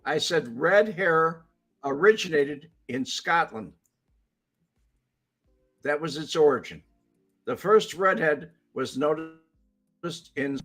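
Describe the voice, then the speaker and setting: An older man co-hosting a casual live-stream chat, giving dry, deadpan replies. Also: on the high side, takes it slowly, pauses often, soft background music. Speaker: co-host.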